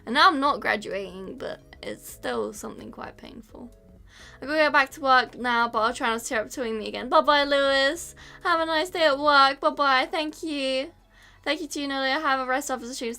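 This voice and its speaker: Woman streamer, high and bright, giggly, emotional, thanking chat. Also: vocal fry. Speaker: VTuber streamer. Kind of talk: casual live-stream chat.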